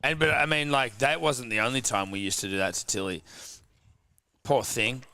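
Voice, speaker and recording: A young man bantering as a guest during a live sports stream, reacting loudly, laughing and swearing. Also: medium pitch, moderate pace, dry recording. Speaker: guest co-host. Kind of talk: casual banter.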